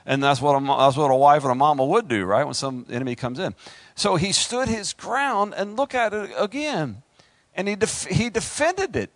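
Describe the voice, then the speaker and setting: A man preaching a sermon with animated delivery, rising to high exclamations and pulling back to quieter asides. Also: normal speed, dry recording. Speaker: pastor.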